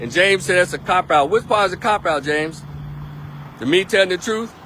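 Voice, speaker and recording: A man's voice: high-pitched, moderate pace, pushed and bright, a little hiss or hum. A man giving a blunt, emphatic political monologue on a live stream, repeating his points.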